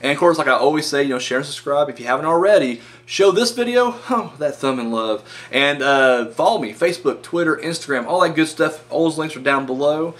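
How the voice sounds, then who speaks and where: A man's voice: on the high side, expressive, brisk, hardly any pauses, a bit bright. A man hosting a casual wrestling countdown vlog, rambling with frequent fillers and correcting himself as he goes. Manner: casual and joking. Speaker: wrestling review vlogger.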